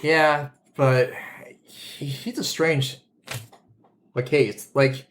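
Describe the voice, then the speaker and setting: A man's voice: medium pitch, steady tone, drawn-out words, fairly bright tone. A man co-hosting a podcast in casual chat, hesitant and fumbling for names with lots of fillers. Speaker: podcast co-host.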